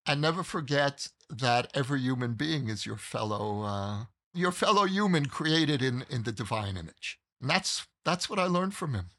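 A man telling a personal story in conversation, measured and earnest, pausing mid-thought. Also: medium pitch, expressive, pushed and bright.

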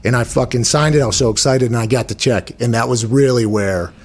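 A man in his thirties hosting a casual sports podcast, animated and ranting, swearing freely. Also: mid-range voice, quick pace. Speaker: podcast host.

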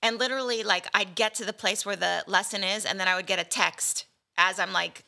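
Bright, gravelly-voiced woman telling a story. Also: medium pitch, brisk. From Malibu, California. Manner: animated storytelling with acted-out quotes. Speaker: podcast co-host. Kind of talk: casual chat.

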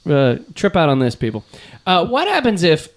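A man's voice: a little high, wildly swooping pitch, moderate pace. A man hosting a casual comedy podcast, a bit drunk, rambling and swearing freely. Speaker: podcast host.

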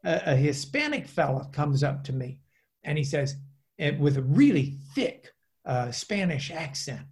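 A man, a trial lawyer, telling animated stories as an interview guest, with many fillers and restarts. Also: a little high, measured pace. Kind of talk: casual storytelling interview.

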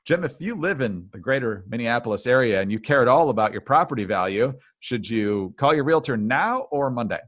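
Male co-host, mid-pitched voice, dry political chat. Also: animated, brisk, few pauses, fairly bright tone. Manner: conversational, dry, with filler words. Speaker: podcast co-host.

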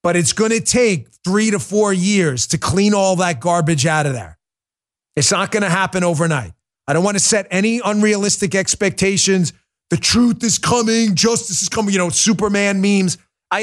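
Male talk show host, high and combative, emphatic delivery. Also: brisk. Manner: emphatic, combative, mocks opponents in put-on voices. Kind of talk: fiery political commentary.

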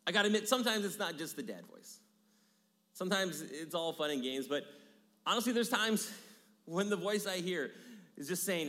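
Male pastor, sermon, high voice, energetic, repeats key lines, hushed asides, long reverb. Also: normal speed, long pauses. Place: church sanctuary.

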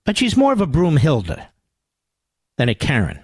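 A man's voice: huge pitch swings, normal speed, a little mellow, slightly rough, no room sound. Combative sarcastic talk radio man. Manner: swings from low growls to high exclamations. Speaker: radio talk show host. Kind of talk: political talk radio monologue. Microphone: studio microphone.

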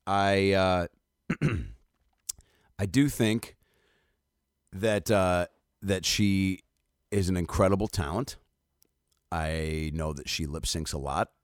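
A man's voice: low-pitched, no room sound, studio quality. A man in his thirties, a comedian riffing casually to camera in a rambling, profane, jokey way. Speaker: comedian and host.

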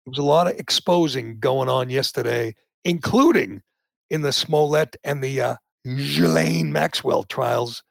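A man hosting a political talk show, indignant and opinionated, often rising into loud outbursts. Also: mid-range voice, a little slow, vocal fry, no room sound. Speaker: podcast host.

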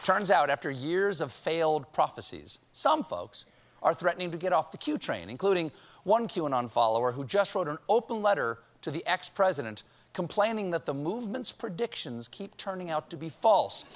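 A man's voice: on the high side, big pitch swings, normal speed. A man hosting a late-night show, delivering a comedic monologue with punchy jokes and sarcastic asides. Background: studio audience laughing.

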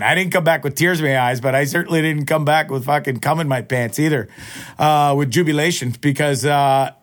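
Rambling, profane podcast host. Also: male voice, on the high side. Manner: rambling, profane, self-mocking with frequent laughs. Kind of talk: casual solo podcast chat.

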